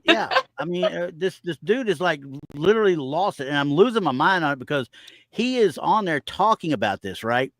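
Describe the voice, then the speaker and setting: A man with a fairly high voice rants in exasperation on a casual podcast. He reads comments aloud and reacts to them. The sound is dry and close. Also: sing-song, normal speed, fairly bright tone, no echo. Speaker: podcast co-host.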